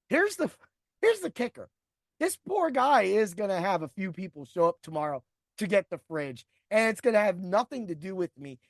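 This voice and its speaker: A man's voice: high voice, big pitch swings, fairly quick, fairly bright tone, no echo, studio quality. A middle-aged man hosting a podcast, telling a grievance story in a profane, rambling rant. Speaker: podcast host. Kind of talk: ranting storytelling.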